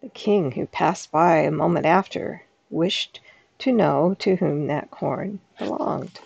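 A woman storyteller reading a classic fairy tale aloud in a soft-spoken, unhurried way. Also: sits low, vocal fry, husky, dry recording, lo-fi sound.

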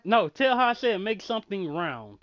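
A man chatting casually while gaming with friends, bossy and profane, barking quick orders at his teammates. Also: high-pitched, sing-song, fairly bright tone, dry recording. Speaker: gamer. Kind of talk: casual game chat with friends.

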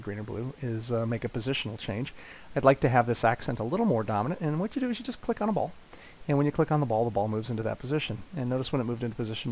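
A man explaining a software demo in a casual walkthrough, with frequent fillers and restarts. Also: medium pitch, gravelly, a little hiss or hum. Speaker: product demonstrator.

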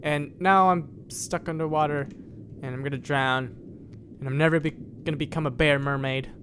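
A man hosting his gaming channel, giving excitable, rambling and playfully dramatic commentary while he plays. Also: fairly high pitch, moderate pace, a little hiss or hum. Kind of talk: gameplay commentary.

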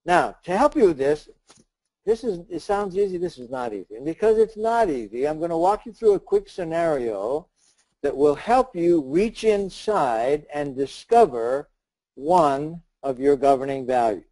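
Mellow-voiced man telling a motivational story. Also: on the high side, lively intonation, measured pace, poor audio. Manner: storytelling, acts out dialogue, shouts in the story. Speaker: speaker leading a webinar. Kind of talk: motivational talk with a told scenario.

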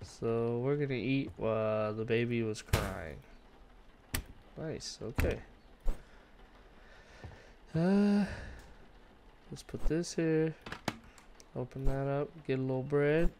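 A man's voice: medium pitch, takes it slowly, long pauses, a little hiss or hum. A man hosting a casual game walkthrough, reacting with startled outbursts and mild swearing. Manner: excitable, jumpy, swears in surprise. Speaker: gaming channel host.

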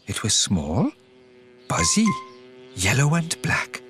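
A man narrating a scripted cartoon story for preschool children in a gentle, sing-song way, asking the listener questions. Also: mid-range voice, wildly swooping pitch, slow, long pauses. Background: music.

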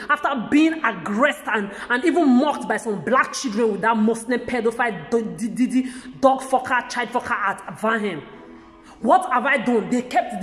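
Angry woman venting at the camera, kinda high voice, stumbles over her words a lot, big echoey room. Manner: heated, repetitive, stammering restarts. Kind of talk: agitated ranting vlog to camera. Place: lives in the country she describes as where she'll age. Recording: echoey room with long reverb.

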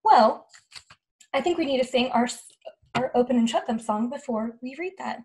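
A woman librarian reading a picture book aloud to young children in an animated, sing-song way, coaxing them to join in. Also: high-pitched, normal speed, a little hiss or hum. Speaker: children's librarian hosting story time.

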